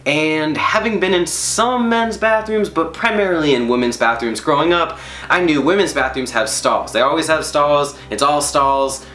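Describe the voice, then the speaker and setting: A man telling a personal story to an audience in an animated, comic way, leaning on emphatic repetitions. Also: fairly high pitch, moderate pace, a little hiss or hum. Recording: echoey room.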